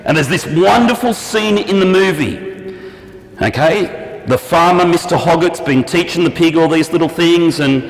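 Animated preacher in echoey hall. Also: male voice, normal speed. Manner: animated, acts out prayers and quotes with shifting pitch. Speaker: pastor. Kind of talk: sermon. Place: church hall. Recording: echoey church hall, long reverb.

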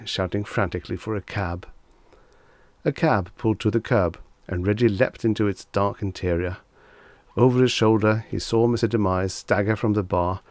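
A man with a low voice reads an old short story aloud in an even, measured way. The recording is dry and close, with no room sound. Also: no room sound. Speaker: audiobook narrator. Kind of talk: scripted audiobook narration.

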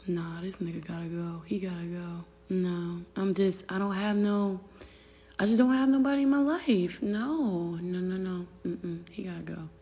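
Husky, gravelly-voiced young woman ranting. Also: lowish voice, moderate pace, dark tone, in a large hall. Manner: profane, exasperated venting; answers viewer comments aloud. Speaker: livestream host. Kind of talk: casual livestream rant. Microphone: phone livestream.

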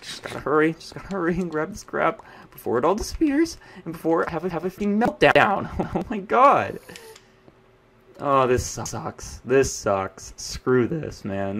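A young man giving live gameplay commentary, frustrated and ranting, swinging between yelling and muttering. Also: fairly high pitch, creaky, a little hiss or hum. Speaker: gaming YouTuber.

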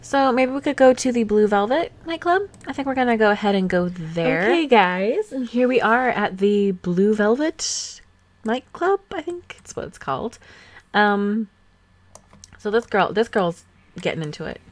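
Brief: young woman, let's play host, chatty and giggly, filler-heavy, mid pitch, desktop mic. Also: animated, normal speed, no room sound. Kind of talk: casual gameplay commentary. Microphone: desktop USB microphone.

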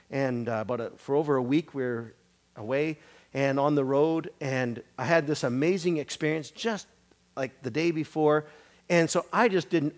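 A man preaching to a church congregation, telling a story in a conversational way and acting out the dialogue of the people in it. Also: on the high side. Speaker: guest preacher. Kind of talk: storytelling sermon.

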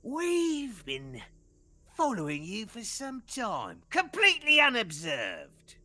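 A man's voice: extremely high pitch, wildly swooping pitch, slow pace, bright, forceful tone, pitched above the performer's own voice, exaggerated voice. A man voicing a smug, mock-polite male goblin leader in a tabletop game.

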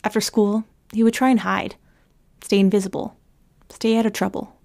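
A woman giving a measured, dramatic scripted podcast narration. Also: medium pitch, little pitch movement, creaky, darkish tone. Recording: podcast narration over music.

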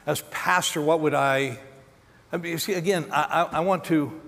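A man preaching a sermon as a pastor, animated, acting out quotes with sudden jumps in pitch. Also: moderate pace. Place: large church auditorium. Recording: long hall reverb.

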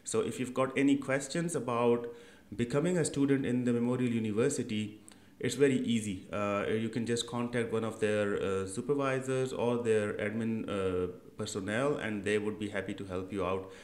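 A man's voice: fairly low pitch, fairly even intonation, normal speed, a little mellow. A young man hosting an education channel, talking through a screen-share tutorial in a casual, conversational way with many fillers and "right?" check-ins.

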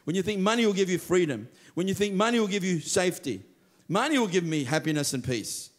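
A man preaching a sermon as pastor, telling stories with lively quoted voices. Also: high voice, quick pace. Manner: animated storytelling, acts out quoted voices. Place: church.

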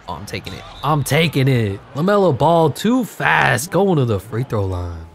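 A man giving jokey, excitable play-by-play over a video game, his voice congested and wearing out, breaking into sudden yells. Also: mid-range voice, moderate pace, creaky, few pauses, faint music behind. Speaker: gaming commentator. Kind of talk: live game commentary.

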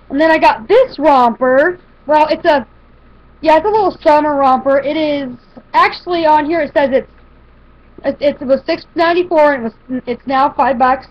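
Showing a shopping haul to camera, a woman chats casually in a high voice at a moderate pace. Her talk rambles with fillers and restarts, recorded in dull, lo-fi home video sound.

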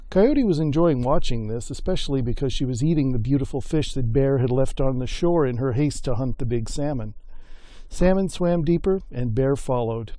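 Mellow, folksy male storyteller. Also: medium pitch, lively intonation, no room sound. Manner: folksy and unhurried, with voiced characters. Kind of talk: oral storytelling of a folk myth.

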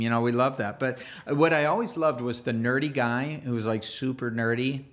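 A man's voice: medium pitch, normal speed, few pauses. A man preaching a sermon as a pastor, in a loose conversational way with restarts and playful asides.

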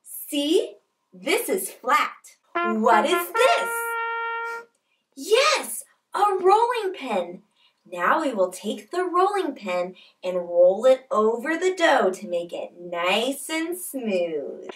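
High, singsongy preschool show woman. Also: very animated, slow pace, far from the mic, loud music behind the voice. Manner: bright, exaggerated, encouraging kids-show delivery. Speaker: children's show host. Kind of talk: preschool lesson with sing-along.

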